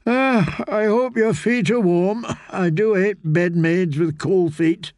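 A man's voice: fairly high pitch, animated, unhurried, no echo, clean studio sound. A man voicing a drowsy, playful young noblewoman who teases her guest. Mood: sleepy teasing. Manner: playful, coquettish.

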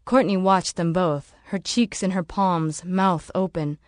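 A woman narrating an audiobook in a steady, measured way. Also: lowish voice, no echo, studio quality.

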